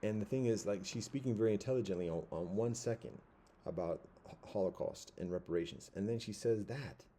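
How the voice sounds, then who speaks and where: A man giving a casual commentary monologue, halting and rambling with many fillers and restarts. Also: on the low side, mellow, slight background noise.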